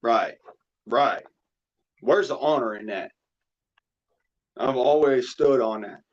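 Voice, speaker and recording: A man's voice: mid-range voice, slow pace. A man streaming a casual chat, talking emotionally in a rambling way, cursing often and repeating himself, with a drawl. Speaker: streamer hosting a chat panel. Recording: dull lo-fi mic.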